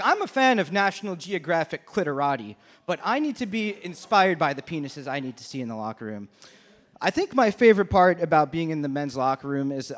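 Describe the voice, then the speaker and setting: A young man working a comedy club stage with a stand-up set, his voice sitting a little high for a man. He delivers crude, brash punchlines with a casual, conversational rhythm.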